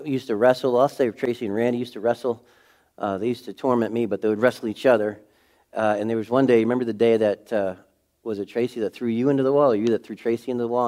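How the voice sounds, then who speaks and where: A middle-aged pastor with a mid-range voice preaches a sermon in a conversational way. It's full of rhetorical questions, and his delivery swings between loud emphasis and hushed moments.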